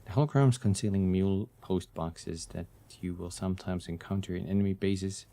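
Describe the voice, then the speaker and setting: A man streaming a video game, chatting excitedly and reading the game text aloud. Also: sits low, moderate pace. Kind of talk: casual gameplay commentary.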